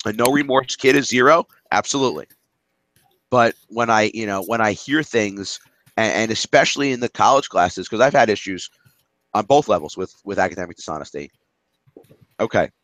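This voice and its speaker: Male instructor, low and dry, loose rambling classroom storyteller. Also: fairly bright tone, no room sound. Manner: rambling, with many restarts and asides. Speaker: instructor leading a class discussion.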